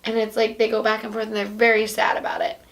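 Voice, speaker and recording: A woman with a bright, high voice recaps a movie in a loose, chatty way. She talks quickly and excitedly, scatters "like" everywhere and keeps slipping into voices to act out quotes. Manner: animated, fast retelling with many "like"s and acted-out quotes. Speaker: podcast host. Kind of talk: casual chat recapping a film.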